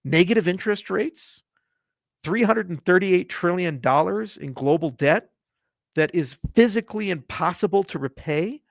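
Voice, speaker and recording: A man giving an unscripted, passionate and blunt monologue to camera, profane and swinging from quiet to loud. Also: high-pitched, lively intonation, normal speed, gravelly, no echo, studio quality. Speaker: crypto industry founder. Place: Colorado.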